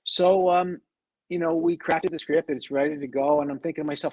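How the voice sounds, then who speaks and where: A middle-aged man telling a personal story as an interview guest, animated, acting out the people he quotes and often restarting his sentences. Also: a little high, fairly quick, lo-fi sound. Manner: animated, acts out quoted dialogue, frequent restarts.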